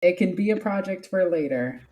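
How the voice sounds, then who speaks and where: A woman's voice: fairly low pitch, expressive, moderate pace, dark tone. A woman running a tabletop game as game master, easygoing and often laughing.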